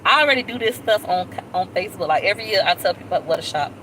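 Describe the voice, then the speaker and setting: A woman vlogger chatting casually on a live stream, animated and talkative, with squealing high jumps when she quotes people. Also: fast talker, slight background noise, poor audio.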